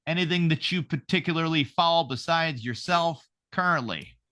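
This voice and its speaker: A young adult man hosting a podcast, telling profane, animated stories in casual banter. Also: a little high, normal speed. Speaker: podcast host.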